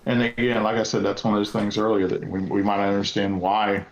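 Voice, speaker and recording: A man's voice: on the low side, flat delivery, quick pace, echoey room, lo-fi sound. A man, a paranormal investigator, chatting as a podcast guest and telling investigation stories with many restarts. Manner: storytelling, rambling with restarts. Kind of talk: casual podcast chat.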